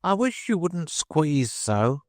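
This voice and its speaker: A man voicing a small, sulky dormouse who speaks slowly and peevishly. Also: fairly high pitch, sing-song, no room sound, studio quality, pitched above the performer's own voice.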